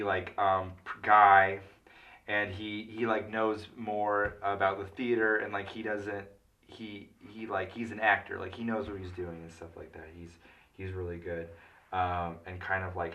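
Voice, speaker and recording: Drunk man rambling, low-pitched. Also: sharp tone, recorded from a distance, muffled recording. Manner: rambling, halting, heavy on fillers. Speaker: comic film recapper. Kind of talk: rambling casual retelling.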